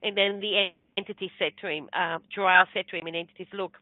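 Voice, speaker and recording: Woman telling a lively story over a thin line. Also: mid-range voice, quick pace, hardly any pauses, dry recording. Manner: animated storyteller acting out quoted dialogue. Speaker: guest, spiritual medium. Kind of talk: casual storytelling in an interview. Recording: dry, phone-like narrow sound.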